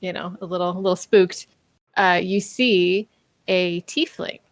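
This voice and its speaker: A woman in her twenties narrating as game master, halting and searching for her words. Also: lowish voice, fairly even intonation, dry recording.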